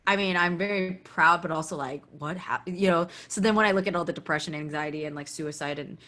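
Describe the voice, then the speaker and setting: Lively woman guest telling stories. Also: fairly low pitch, fast. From United States. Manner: animated, acts out quoted dialogue, frequent "like" fillers. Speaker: podcast guest. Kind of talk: candid conversational storytelling.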